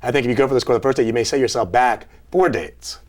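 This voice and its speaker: A man in his thirties hosting a casual late-night talk show, halting and repeating himself as he chats. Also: medium pitch. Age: 30s.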